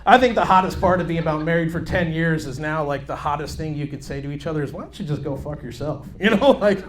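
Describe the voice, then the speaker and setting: A man's voice: fairly high pitch, quick pace. A man in his thirties doing a crude, brash stand-up set on a comedy club stage, acting out voices of his family.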